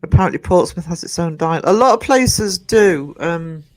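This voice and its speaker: A middle-aged man with a soft Northumbrian accent, chatting casually with live viewers, greeting them by name and rambling with many fillers and restarts. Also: fairly high pitch, animated, moderate pace, no room sound. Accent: Northumbrian English. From North East England. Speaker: livestream host.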